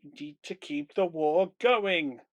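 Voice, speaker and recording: A game master voicing a huge one-eyed dragon, a ruthless warmonger who yells orders in a live tabletop game. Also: mid-range voice, slow, no echo, lightly acted. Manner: yelling, furious, commanding.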